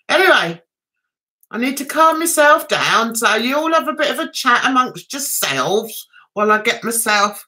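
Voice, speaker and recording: Giggly British woman with a high, lively voice. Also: a little slow. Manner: giggly, flustered and chatty. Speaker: livestream host. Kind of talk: casual livestream chat.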